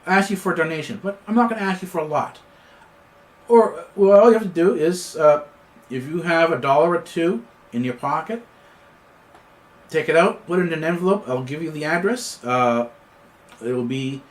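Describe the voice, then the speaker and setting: A man's voice: fairly high pitch, animated, moderate pace, long pauses. A man hosting his own news commentary show, talking off the cuff with many fillers and restarts. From Canada. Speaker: host of an independent news commentary channel. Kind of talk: unscripted political commentary monologue.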